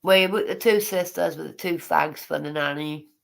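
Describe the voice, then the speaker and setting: A woman's voice: low voice, moderate pace, creaky. A woman, casually reading her memoir aloud and breaking off for chatty, teasing asides.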